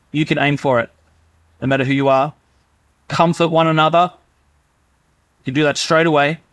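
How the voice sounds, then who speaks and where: In a laid-back, conversational sermon, this pastor now and then voices people's inner thoughts. He has a slightly high voice for a man, recorded close and dry without any room sound.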